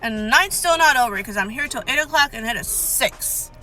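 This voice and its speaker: A woman's voice: on the high side, lively intonation, a little fast, bright, forceful tone, soft background music, rough recording. A young woman telling a storytime rant in a casual, exasperated and sarcastic way, swearing freely. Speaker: storyteller vlogger.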